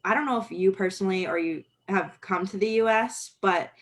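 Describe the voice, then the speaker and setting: A woman's voice: mid-range voice, fairly quick. A woman from the United States asking a question on a video call, hesitant, with many "um"s. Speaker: audience member asking a question.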